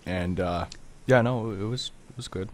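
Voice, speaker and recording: A teenage guy hosting a casual gaming podcast with a fairly low voice. He rambles, restarts his sentences and laughs his way through the chat. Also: moderate pace. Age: teens. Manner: rambling, laughs often, eats while talking. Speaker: podcast host.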